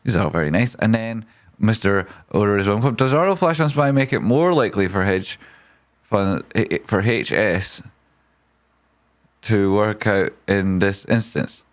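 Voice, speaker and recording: Man, live trading stream host, excitable, swears a lot, jokey, slightly low voice. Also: unhurried. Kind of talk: live-stream chat reading viewer donations.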